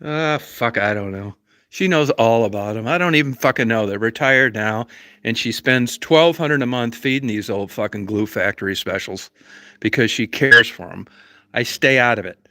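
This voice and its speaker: A man's voice: medium pitch, moderate pace, sharp tone, dry recording. A man hosting a livestream, telling a story as a profane, rambling, argumentative rant full of constant swearing. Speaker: livestream host.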